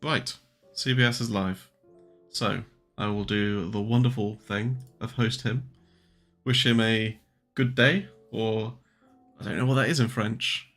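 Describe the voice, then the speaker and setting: A man's voice: fairly low pitch, steady tone, measured pace, long pauses, a bit bright. A young man hosting a trading livestream. He chats casually, swears, and jokes while answering viewers' questions. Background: faint music.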